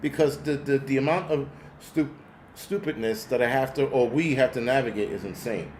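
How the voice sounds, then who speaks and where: A man's voice: medium pitch, moderate pace, a little mellow, slight background noise. A man hosting a show, ranting bluntly and sarcastically with plenty of profanity while answering viewer comments. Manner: sarcastic, exasperated. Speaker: host. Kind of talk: ranting commentary reading chat.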